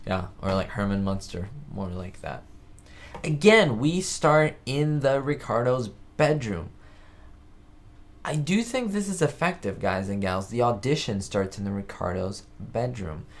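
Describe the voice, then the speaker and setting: Brief: man from the United States, live-stream host, loose and talkative, slightly low voice. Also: animated, unhurried. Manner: chatty, rambling, reads viewer comments aloud. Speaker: host of a live chat show. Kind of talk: casual live-stream chat. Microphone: webcam setup.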